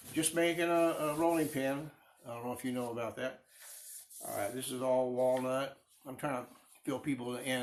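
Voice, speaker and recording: A man's voice: mid-range voice, slight background noise. A middle-aged man chatting casually with live viewers while sanding wood on a lathe in his workshop, rambling and reading their comments aloud. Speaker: woodworker streaming live. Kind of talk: casual chat while working. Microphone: phone.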